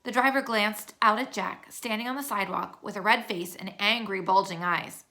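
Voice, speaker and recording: A woman reading a children's chapter book aloud as narrator, with steady, clear storytelling. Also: mid-range voice, moderate pace, few pauses.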